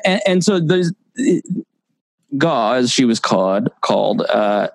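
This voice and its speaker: A man's voice: medium pitch, very animated, takes it slowly, vocal fry, dry recording, low-quality recording. A man hosting a podcast in casual conversation, often restarting and repeating words as he talks. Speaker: podcast host.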